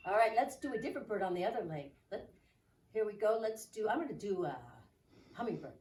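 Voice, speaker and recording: A woman's voice: medium pitch, animated, fast talker, background noise. A woman teaching a children's yoga class, giving playful, coaxing instructions with bits of sing-song. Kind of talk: guided children's movement class. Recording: echoey room, mic at a distance.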